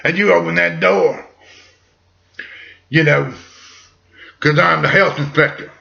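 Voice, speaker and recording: A man's voice: on the high side, fairly even intonation, slow pace, vocal fry, pushed and bright, muffled recording, voice pushed up, heavily acted. A man voicing a scheming male wolf who wheedles and pushes like a folksy salesman. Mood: pushy, wheedling.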